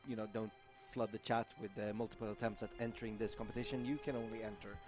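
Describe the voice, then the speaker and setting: A man's voice: fairly low pitch, fast, over music. A man from Sweden co-hosting a live game stream, talking casually with many hesitations. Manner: relaxed, hesitant, many fillers. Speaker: stream co-host. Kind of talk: casual live-stream chat over gameplay.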